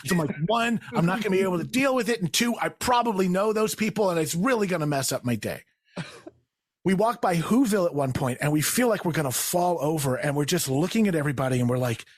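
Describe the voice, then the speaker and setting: A man's voice: high-pitched, fast talker, no echo, studio quality. A man telling a funny story in a casual chat, acting out what people said with raised voices and laughing as he goes. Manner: animated, acts out quotes in raised voices, laughs while telling. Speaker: guest storyteller.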